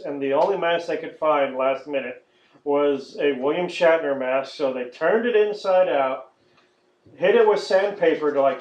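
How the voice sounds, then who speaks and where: Man, podcast host, ranting and profane, highish voice, muffled echoey room sound. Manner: profane, ranting, mocking impressions. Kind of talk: casual podcast chat.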